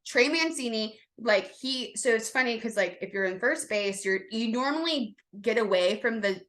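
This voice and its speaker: A woman co-hosting a casual sports chat podcast, rambling and excitable, with lots of fillers and restarts. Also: a little high, moderate pace. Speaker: podcast co-host.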